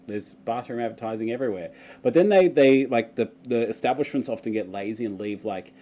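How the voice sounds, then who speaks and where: A man hosts a live question-and-answer stream, talking loosely and laughing a lot. His voice sits in an ordinary middle pitch, and he jumps into playful, exaggerated bits. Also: brisk, mellow. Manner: chatty, laughs often, mock-dramatic outbursts. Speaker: vlogger. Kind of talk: live Q&A chat.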